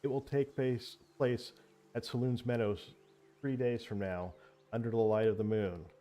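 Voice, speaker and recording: A man's voice: medium pitch, fairly even intonation, a little slow, warm tone, lightly acted. A man reading a confident, respectful adventurer.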